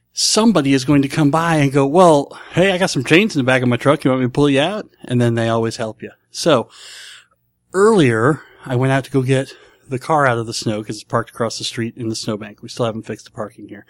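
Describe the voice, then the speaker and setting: A man's voice: mid-range voice, dry recording. A man from Nebraska hosting a casual solo podcast, enthusiastic and rambling, often repeating himself. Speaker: podcast host.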